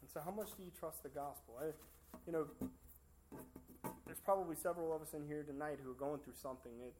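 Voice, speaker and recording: A man's voice: fairly high pitch, fast talker, music in the background. A man giving a sermon in a church service, in a casual, conversational way full of fillers and restarts. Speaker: preacher.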